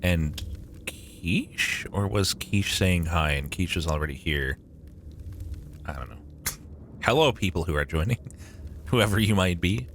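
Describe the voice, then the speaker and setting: A man's voice: deep voice, animated, a little slow, pauses often, fairly bright tone, a little hiss or hum. A young man streaming a game live, chatting with his viewers, swearing often and joking sarcastically.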